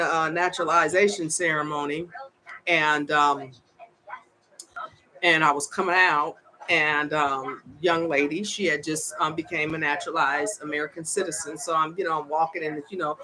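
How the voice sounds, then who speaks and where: An older woman, a vlogger and advocate, delivers a heated, opinionated monologue in a low, bright, forceful voice on a low-quality recording. She repeats herself for emphasis and laughs between points.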